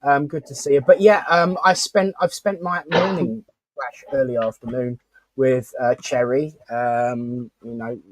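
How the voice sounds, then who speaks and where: A man's voice: medium pitch, steady tone, unhurried, no echo. Chatty man hosting, dry sound. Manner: chatty and rambling, many fillers and restarts. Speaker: host. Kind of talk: casual live-stream chat.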